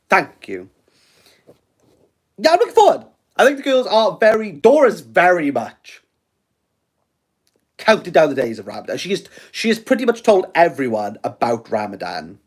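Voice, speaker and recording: A man's voice: sits high, huge pitch swings, normal speed, long pauses. Rambling self-mocking Welsh man. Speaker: book reviewer livestreaming. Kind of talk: casual livestream chat. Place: his home. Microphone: phone.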